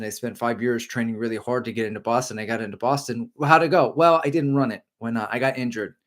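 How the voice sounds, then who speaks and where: Joking middle-aged man livestreaming. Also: mid-range voice. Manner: joking, rambling, reads out chat comments. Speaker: running livestream host. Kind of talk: casual livestream chat.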